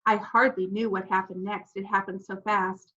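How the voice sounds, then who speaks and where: A woman narrating a children's novel in first person, animated and expressive, acting out the children's voices. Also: medium pitch, normal speed, muffled recording. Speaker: audiobook narrator.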